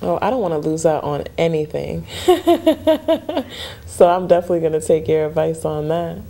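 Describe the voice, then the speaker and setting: A woman's voice: sits low, animated, normal speed, gravelly. A woman hosting a talk show, bubbly and encouraging, with lots of affirming replies. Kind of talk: casual talk show interview. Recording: loud background noise with clicks.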